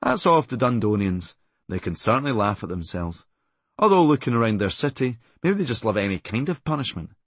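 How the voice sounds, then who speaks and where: A Scottish man reading his own comic memoir in a deadpan, darkly funny delivery. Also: medium pitch, brisk, no room sound. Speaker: comedian narrating his memoir.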